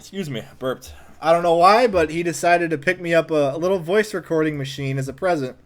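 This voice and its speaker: Man, comedic storyteller, higher-pitched voice, animated delivery. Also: a little fast. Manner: animated, acts out quotes in a raised voice.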